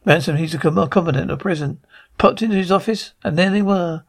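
A man's voice: sits high, fairly quick, creaky. A man voicing a chatty army officer who relays news in a breezy, gossipy way.

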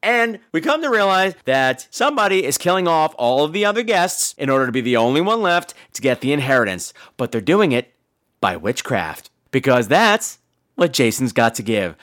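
A man hosting a podcast, recapping a horror movie in a sarcastic, profane, animated storytelling way. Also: a little high, fairly quick. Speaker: podcast host. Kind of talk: casual movie-recap chat.

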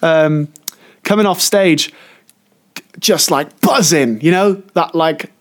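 A man chatting on a podcast who tells stories in loose, winding stretches, breaking off mid-thought and starting over. His voice sits a little higher than most men's. It sounds relaxed and unscripted, like he is talking with a friend. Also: takes it slowly. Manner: rambling storyteller who often trails off and restarts. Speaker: podcast co-host. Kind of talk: casual chat.

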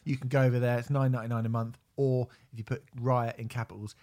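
A man's voice: medium pitch, flat delivery, quick pace, warm tone. A hungover man hosting a podcast, chatting casually, joking and swearing. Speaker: podcast host. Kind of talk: casual chat.

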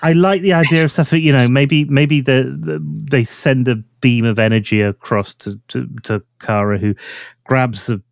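A man on a podcast, working through ideas out loud with plenty of restarts, his voice dropping softly at the ends of phrases. The sound is close and dry. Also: medium pitch, fairly even intonation, moderate pace, vocal fry, smooth, no echo. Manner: thinks aloud with restarts, trails off softly. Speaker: podcast co-host. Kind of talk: casual chat.

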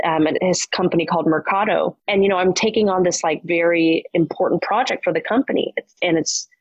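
A woman's voice: lowish voice, a little fast, breathy edge, no room sound. A woman in her thirties, a startup founder telling her story candidly, with lots of "like" and restarts. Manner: chatty, frequent "like" fillers and restarts. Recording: muffled lo-fi audio.

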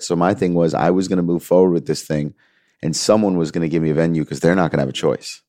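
A man's voice: sits low, fairly even intonation, fast, warm tone, dry recording, studio quality. A man in a candid interview, telling a story earnestly and acting out quoted dialogue. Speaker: music manager, interview guest.

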